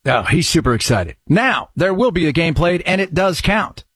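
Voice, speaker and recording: A man hosting a radio talk show, his voice sitting a touch high and sounding very dry and close to the mic. He riffs excitably and cracks jokes as he goes. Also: normal speed, husky, no echo. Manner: excitable, jokey, riffing. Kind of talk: casual talk radio commentary.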